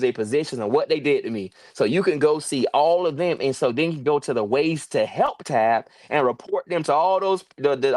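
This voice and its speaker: A man's voice: fairly high pitch, no room sound. A man speaking as a guest on a livestream interview, earnest and pleading, repeating himself for emphasis over a video call. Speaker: guest, farmer and sanctuary owner.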